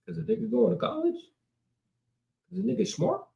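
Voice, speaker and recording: Man preacher, casual street-talk teaching, lively pitch, roomy camera sound. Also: fairly quick, vocal fry, lo-fi sound. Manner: conversational, slangy, reads scripture then riffs. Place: indoors, filming himself on camera. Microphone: camera mic. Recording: roomy echo.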